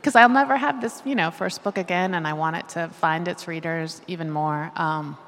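A middle-aged woman with a low, grounded voice talks things through as an author in an interview. She is reflective and laughs often. Her voice trails into the long reverb of a hall. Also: normal speed, a bit bright. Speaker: author guest. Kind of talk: conversational interview.

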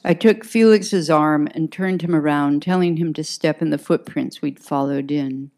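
A woman with a low voice narrates a first-person crime story. Her reading is crisp and dry, with a sardonic edge in the dialogue. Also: moderate pace, a little mellow. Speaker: audiobook narrator.

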